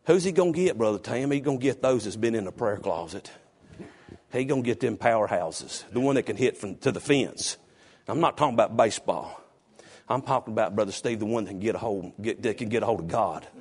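A middle-aged man preaching a sermon, calling on his congregation by name and rising to loud exhortation. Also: fairly low pitch, lively intonation, fairly quick, husky. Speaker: pastor.

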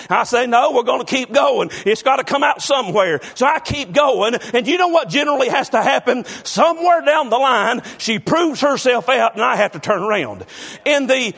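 Fervent husky-voiced preacher man. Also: extremely high pitch, lively intonation, brisk, a bit bright. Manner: fervent, calls out congregation members by name. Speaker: pastor. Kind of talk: sermon.

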